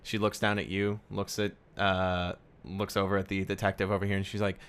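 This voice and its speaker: A man with a lowish voice narrates as game master of a tabletop game. He talks casually with many fillers and small restarts as he describes scenes. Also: completely flat delivery, brisk, hardly any pauses, a bit bright, clean tone. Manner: hesitant, filler-heavy narration.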